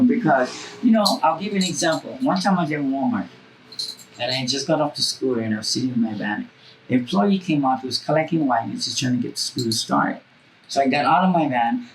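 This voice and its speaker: A woman's voice: very deep voice, lively intonation, fairly quick, a little hiss or hum, low-quality recording. A woman telling stories bluntly in an interview, swearing freely and acting out the voices of the people in them. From Hawaii. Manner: acts out voices in her stories. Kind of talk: casual storytelling.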